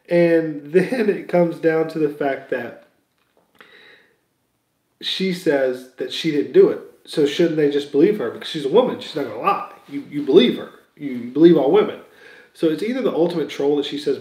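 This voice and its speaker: A man with a mellow, darker tone gives loose, opinionated commentary, circling his points in a hesitant way. His voice bounces around a roomy space with noticeable echo. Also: mid-range voice, moderate pace. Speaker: Star Wars news commentator.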